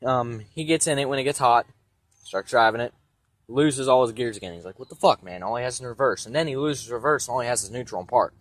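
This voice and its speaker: A man's voice: mid-range voice, fast talker, no echo. A young man with congested sinuses telling a rambling, profane story about his truck in a blunt, casual way, outdoors beside parked trucks on a handheld phone camera. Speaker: vlogger giving a vehicle tour.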